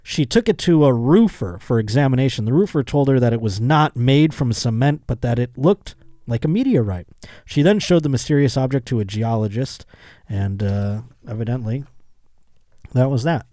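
A man's voice: medium pitch, lively intonation, normal speed, dark tone, no room sound, clean studio sound. Laid-back joking man hosting a podcast. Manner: joking, riffs on the article, laughs often. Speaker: podcast host. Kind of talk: casual comedic chat, reading news aloud.

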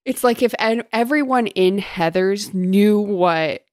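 A woman's voice: medium pitch, slow, a little mellow, no echo. A woman chatting casually about a book, with dry, wry humor.

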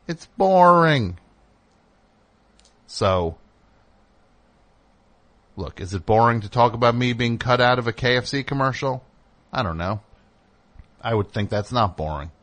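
Rambling male radio host, pitch jumping. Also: animated, unhurried, pauses often, fairly bright tone. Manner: rambling and self-interrupting, pitch jumping up when worked up. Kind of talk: candid monologue on a call-in show. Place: radio studio.

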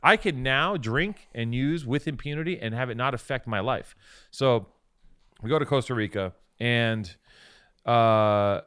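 A man's voice: mid-range voice, a little slow, a bit bright, clear, resonant tone, no room sound. Guy in his 40s hosting a podcast, swears a lot, keeps restarting sentences, dry sound. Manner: rambling, profane storyteller with many restarts. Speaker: podcast host. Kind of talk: casual chat.

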